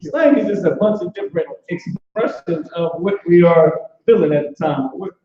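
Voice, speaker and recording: A man leads an informal online language class in a loose, chatty way, full of restarts. His voice sits a little high. The call audio is very echoey and dull. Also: expressive, normal speed. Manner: loose, conversational, repeats "boom" and restarts often. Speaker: class teacher.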